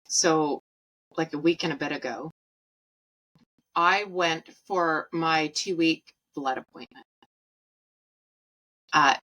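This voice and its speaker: A woman's voice: lowish voice, bright, forceful tone, poor audio. A woman in her thirties hosting a podcast, telling a personal story in a blunt, profane, casual way and laughing at her own jokes. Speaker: podcast host.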